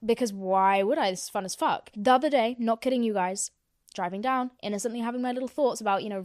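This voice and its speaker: A woman's voice: medium pitch, no echo, studio quality. Young woman ranting, swearing a lot. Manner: profane, chatty, self-mocking. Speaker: podcast host. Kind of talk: casual rambling rant.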